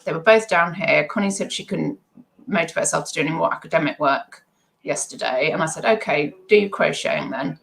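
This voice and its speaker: A woman's voice: sits low, fairly quick, vocal fry, fairly bright tone, low-quality recording. Rambling woman streaming live. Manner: rambling, self-deprecating stream of consciousness. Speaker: eBay seller livestreaming.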